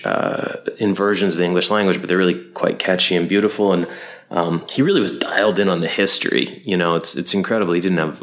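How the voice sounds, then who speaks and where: A man hosting his own podcast, talking casually in an animated, rambling way with lots of fillers. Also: deep voice. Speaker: podcast host and co-founder. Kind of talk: casual solo podcast talk.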